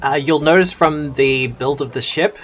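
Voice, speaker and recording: A man running a tabletop game as game master, calmly walking players through the rules with plenty of fillers. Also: on the high side, normal speed, faint music behind. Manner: easygoing, explains rules step by step with fillers.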